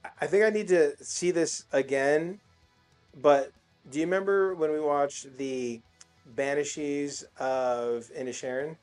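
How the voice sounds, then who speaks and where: A man's voice: a little high, measured pace, a little mellow. An easygoing man co-hosting a casual chat. He agrees readily and stumbles over repeated words, with faint music in the background. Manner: easygoing, agreeable, stammers on restarts. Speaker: podcast co-host.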